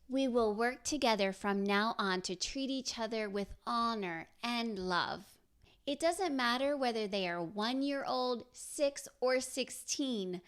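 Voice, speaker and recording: A woman hosting a podcast, speaking in an earnest, encouraging way straight to mothers. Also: on the high side. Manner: slow, earnest and encouraging, addressing mothers directly. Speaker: podcast host. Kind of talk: scripted podcast talk.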